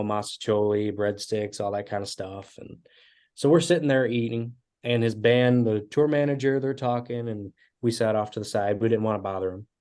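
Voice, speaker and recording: Young man telling animated stories. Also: lowish voice. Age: 20s. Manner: animated storyteller with casual fillers. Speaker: guest musician. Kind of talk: storytelling interview.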